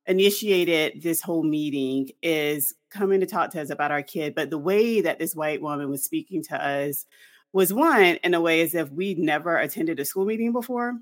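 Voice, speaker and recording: A podcast co-host with a low-pitched voice tells a story at a moderate pace in casual conversation. She's animated and uses lots of fillers.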